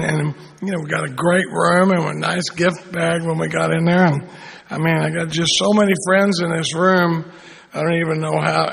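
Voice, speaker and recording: Gravelly high-voiced man in his sixties. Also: a bit bright, a little hiss or hum. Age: 60s. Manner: folksy, rambling with frequent restarts. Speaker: recovery meeting speaker. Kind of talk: conference talk with storytelling. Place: convention room at a regional gathering.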